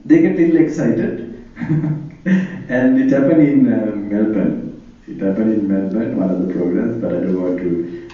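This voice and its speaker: A man's voice: medium pitch, warm tone. A Buddhist monk with a Sri Lankan accent gives an informal sermon in English. His first language is Sinhala, and his talk wanders from point to point with frequent chuckles. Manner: chatty and digressive, chuckling often. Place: hall on tour. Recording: roomy, distant, lo-fi hall recording.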